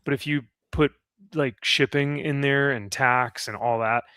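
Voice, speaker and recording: A man's voice: mid-range voice, fairly even intonation, measured pace, pushed and bright, smooth, no echo, clean studio sound. A man hosting a casual comic chat, rambling and upbeat, laughing often. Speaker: comic podcast host.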